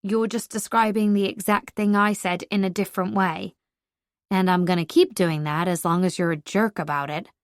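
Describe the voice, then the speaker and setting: A woman voicing a teasing, sharp-tongued young woman in an audiobook, deadpan and quick with comebacks. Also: medium pitch, no echo, clean studio sound, lightly acted. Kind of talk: audiobook character voice.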